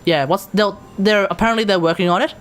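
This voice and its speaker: A man's voice: high-pitched, fast talker, a bit bright. A man streaming live, chatting casually and jokily with his guest, swearing freely. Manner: jokey, loose, swears freely. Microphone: headset earphones with mic.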